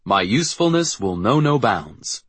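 A man voicing a calm, matter-of-fact teenage boy in an audiobook. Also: fairly low pitch, unhurried, breathy edge, no room sound, full character voice. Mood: deadpan. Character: calm teenage boy who will become a god.

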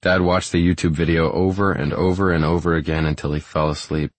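A man's voice: rumbling low, little pitch movement, brisk, no echo. A man narrating a first-person romance audiobook in a subdued, reflective way.

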